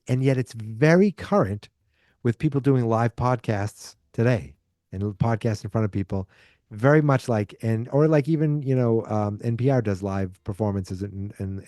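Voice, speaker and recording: Clean studio sound with no room tone carries this podcast host's warm, medium-pitched voice. An adult who was alive in 1986, he reviews a movie in a casual, rambling way, often restarting sentences and performing quoted lines.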